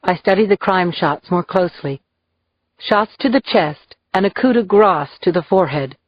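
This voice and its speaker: A woman reading a crime novel aloud in measured, even audiobook narration, in a dull, dry lo-fi recording. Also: fairly low pitch, no echo.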